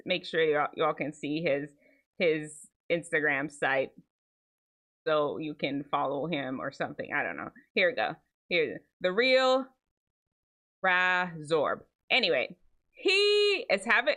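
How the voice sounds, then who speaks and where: A woman hosting a casual show, chatting to viewers about viral clips. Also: on the low side. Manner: chatty, animated, talks to viewers as y'all. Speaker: host of a reaction show.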